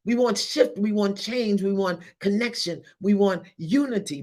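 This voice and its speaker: A woman spiritual teacher leads listeners through a group blessing, her voice in a middle pitch range. She urges them on with fervent, repetitive calls, dropping soft and then rising loud. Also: expressive, normal speed. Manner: swings between soft and loud.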